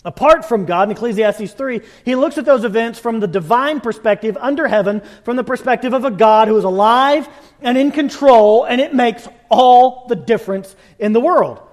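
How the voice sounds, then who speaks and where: A man preaching a sermon, impassioned and emphatic, with sudden loud bursts. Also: extremely high pitch, moderate pace. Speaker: pastor.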